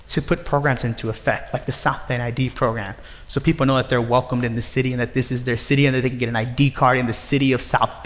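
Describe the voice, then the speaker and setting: A man in his thirties giving a personal storytelling talk to an audience, lively and acting out the voices of others. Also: medium pitch. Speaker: nonprofit director giving a talk. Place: large former factory floor before an audience. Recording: long reverb of a large hall.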